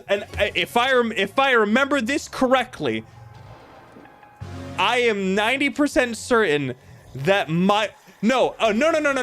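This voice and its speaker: A young male gaming streamer plays a video game in casual let's-play chat, ranting profanely as he tells a story. His voice is high and a bit bright.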